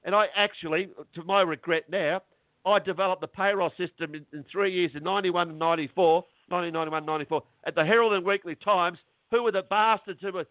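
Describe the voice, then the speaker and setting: A man's voice: high voice, steady tone, no echo. Agitated man on a tinny phone line. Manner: agitated, halting, repeats words. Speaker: interview guest. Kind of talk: phone interview.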